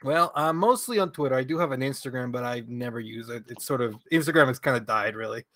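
Guesting for a casual interview, a Venezuelan man who creates comics talks quickly at a medium pitch, laughing often and cursing without restraint. He comes across relaxed yet hesitant, and the recording has no room sound.

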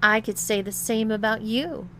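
A woman doing a husky, taunting female bully. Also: on the high side, normal speed, a bit bright, a little hiss or hum, lightly acted. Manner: mocking, teasing.

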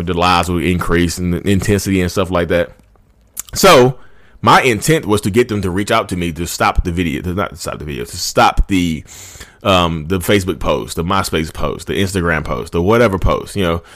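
A man in his thirties talks straight to his audience in a casual, rambling way, sliding into passionate rants. His voice sits on the low side. The sound is dry and close, with no room echo. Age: 30s. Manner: chatty and rambling, often addresses viewers as "y'all"; passionate, ranting bursts. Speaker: YouTube channel host. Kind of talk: casual talk to camera.

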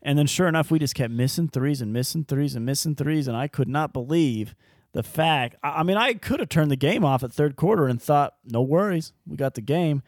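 A man's voice: fairly high pitch, fairly quick, no echo, studio quality. A man co-hosting a casual sports podcast, telling stories with laughs and acting out what others said. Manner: laughing, animated storyteller who acts out quotes. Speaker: podcast co-host.

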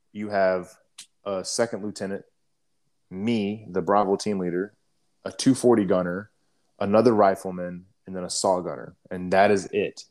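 Young adult man, lowish voice, casual profane storyteller, throat-clearing habit. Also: darkish tone. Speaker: guest telling a war story.

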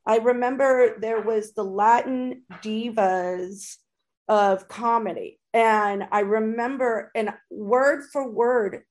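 Brief: higher-pitched woman host, gushing casual podcast chat, lots of restarts. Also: slow pace. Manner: gushing, excitable, many fillers and restarts.

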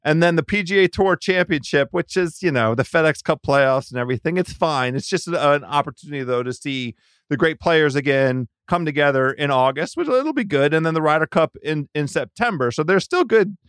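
A man's voice: on the high side, animated, brisk, fairly bright tone, smooth, no echo. Podcast guest, male, talkative and rambling, clean resonant voice, dry close sound. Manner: rambling, many restarts mid-sentence. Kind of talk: casual sports chat. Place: Washington DC.

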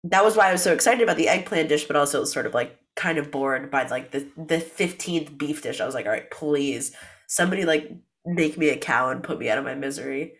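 Young woman, low-pitched, playful rambling co-host chat. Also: quick pace, hardly any pauses. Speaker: podcast co-host. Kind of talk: casual chat.

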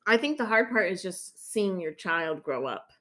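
A woman co-hosting a casual podcast chat, relaxed and chatty, reading listener messages aloud. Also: on the low side, normal speed. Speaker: podcast co-host.

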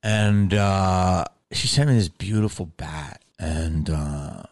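Deep-voiced man on a profane rant. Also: slow, no echo. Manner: profane, agitated, ranting, drops low and quiet when bitter. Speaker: actor venting to camera.

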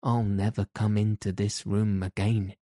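A man voicing a stubborn, sharp-tongued young girl with blunt, sour retorts. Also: on the low side, flat delivery, unhurried, no room sound, studio quality, natural voice. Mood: defiant.

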